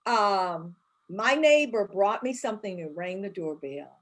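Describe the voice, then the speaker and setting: A middle-aged woman from St. Louis, chatting casually as a co-host and telling lively family stories. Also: mid-range voice, measured pace. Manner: animated storyteller, acts out voices of her kids. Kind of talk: casual chat.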